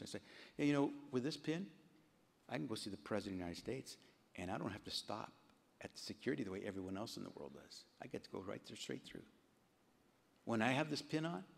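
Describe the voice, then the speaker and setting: A middle-aged man tells a story from a podium in a large banquet hall, his low, gravelly voice lifting sharply whenever he acts out what others said. The sound carries a long reverb from the room. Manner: animated storyteller, voice jumping up and down when quoting others. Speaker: congressman giving an award speech. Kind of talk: storytelling speech at a gala.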